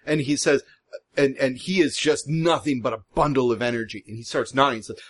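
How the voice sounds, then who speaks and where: A man's voice: mid-range voice, brisk, breathy edge. Man narrating his tabletop character. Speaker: player.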